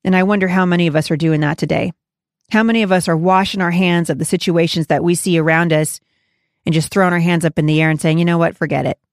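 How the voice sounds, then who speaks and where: A woman leads a devotional Bible teaching in an earnest, heartfelt way. Her everyday voice sits a little low, and it climbs higher when she preaches. The recording is close and dry. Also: steady tone, fast, dry recording. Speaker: Bible study host.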